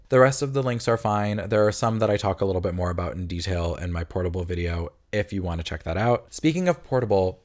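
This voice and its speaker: A man giving a casual, sarcastic, opinionated video game review in an animated way. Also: deep voice.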